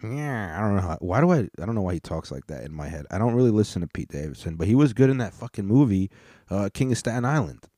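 Profane, rambling low-voiced man. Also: expressive, fast, warm tone, no room sound, studio quality. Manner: profane, rambling, with frequent restarts. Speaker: podcast host. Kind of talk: casual comedic rant.

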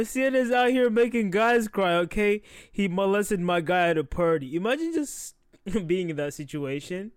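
A man's voice: high-pitched, expressive, moderate pace, clear, resonant tone, no room sound, studio quality. A man hosting a podcast, reacting casually to a video, laughing often and swearing, torn between amusement and unease.

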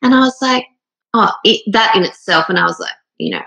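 Emotional woman with vocal fry. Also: mid-range voice, lively intonation, fairly quick, sharp tone, low-quality recording. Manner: earnest, rambling, with many fillers. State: emotional, near tears. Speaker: speaker sharing a personal story. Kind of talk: casual heartfelt monologue.

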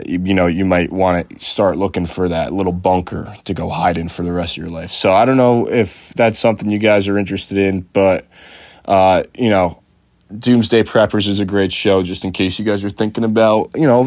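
A man's voice: low-pitched, darkish tone, no echo. Rambling, foul-mouthed young man. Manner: loose and swearing, full of fillers and restarts. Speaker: podcast host. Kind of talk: casual rambling chat.

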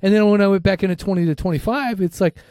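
A man's voice: sits high, fast talker, darkish tone, dry recording, clean studio sound. A middle-aged man with a Minnesotan accent, co-hosting a recovery podcast in casual, blunt, heavily profane talk. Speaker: podcast co-host.

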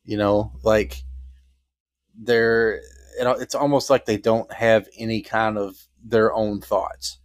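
A man's voice: lowish voice, little pitch movement, slow pace. A man co-hosting a podcast, chatting casually about a film in a rambling way and now and then acting out lines. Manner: rambling, acts out lines in silly voices. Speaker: podcast co-host. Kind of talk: casual film review chat.

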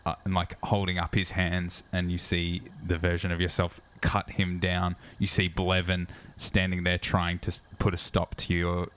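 A man's voice: sits low, monotone, moderate pace, few pauses, a bit bright. A young man narrating as game master, casual, with many fillers.

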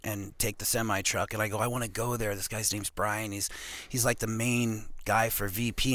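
This podcast guest, a professional arm wrestler from Montana, USA, has a voice on the low side, recorded with no echo. His long, casual story comes out rambling and animated, full of "you know what I mean."

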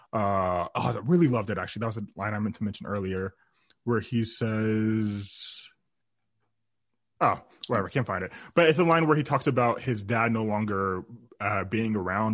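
A man's voice: fairly low pitch, husky, no room sound, clean studio sound. A young man co-hosting a podcast, chatting casually about music and rambling while he hunts for lyrics. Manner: rambling, searches for lyrics mid-sentence. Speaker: podcast co-host.

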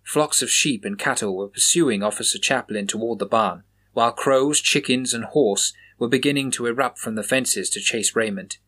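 A man reading a scripted horror story aloud in a measured, even storytelling manner. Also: mid-range voice, breathy edge. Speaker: narrator.

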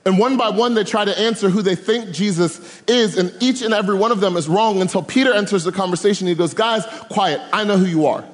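A man preaching to a camp crowd, animated and funny, mixing slang into his storytelling. His voice sits notably high, and a large hall lets every phrase trail off in long reverb. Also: fast talker, hardly any pauses. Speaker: camp speaker. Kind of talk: youth sermon. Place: large room with live audience.

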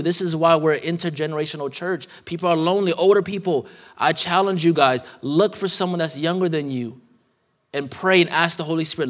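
A man in his thirties preaching a sermon in a casual, conversational way, with slang and asides. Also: fairly high pitch. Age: 30s. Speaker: guest preacher. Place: church sanctuary. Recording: church hall reverb.

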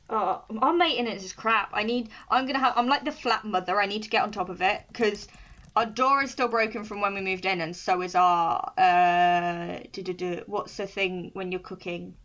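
A young woman chatting casually on a podcast, animated and quick to laugh as she rants. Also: mid-range voice. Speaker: podcast co-host. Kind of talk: casual chat.

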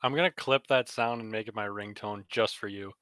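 A man's voice: fairly low pitch, brisk, pushed and bright, clear, resonant tone, no room sound. A man co-hosting a podcast, talking in a blunt, teasing way. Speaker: podcast co-host. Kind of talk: casual chat.

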